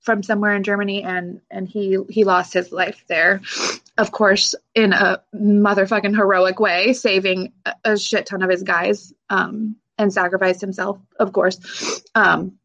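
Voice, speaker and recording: Female veteran guest, mid-range voice, halting and emotional, nervous laughs, slightly muffled lo-fi recording. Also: medium pitch, level tone, a bit bright. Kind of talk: emotional interview conversation.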